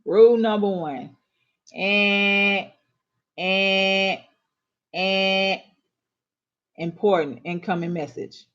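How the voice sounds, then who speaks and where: A woman's voice: mid-range voice, very slow, long pauses, fairly bright tone. A woman giving casual relationship advice to women, sassy, emphatic and colloquial, scolding her listeners. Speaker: relationship and astrology advice host. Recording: dull lo-fi recording.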